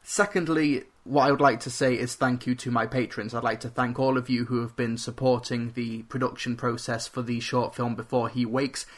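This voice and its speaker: A man talks alone into a home computer microphone, hosting his own podcast. He keeps his voice level and flat, staying on one even note. He is earnest and stops to correct himself as he tries to cut out filler words. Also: medium pitch, normal speed, few pauses. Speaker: podcast host. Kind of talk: solo podcast talk.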